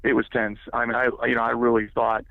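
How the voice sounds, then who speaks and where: A man recounts a personal story on a podcast, circling back on himself and filling gaps with stock phrases. His voice has a gravelly, creaky edge. It comes through a narrow, tinny, phone-like line with a dry sound. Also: mid-range voice, flat delivery, quick pace, no echo. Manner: rambling, heavy with filler words. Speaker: guest.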